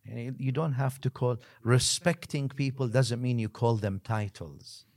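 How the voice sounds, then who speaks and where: A man, a religious scholar, telling a story as a podcast guest, lively one moment and dropping to a hushed near-whisper the next, with Arabic phrases woven in. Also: mid-range voice, unhurried. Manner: mixes Arabic phrases into his talk.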